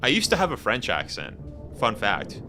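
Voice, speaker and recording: A man from Canada chatting casually with his viewers on a game stream, animated and slangy, laughing often. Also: on the low side, normal speed, soft background music. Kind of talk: casual live-stream chat.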